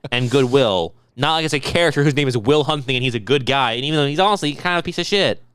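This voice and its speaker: Fast-talking, animated young man riffing. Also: medium pitch, clean tone, dry recording. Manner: rapid, riffing, profane, jumps into mocking impressions. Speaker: podcast co-host. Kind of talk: casual comedic banter.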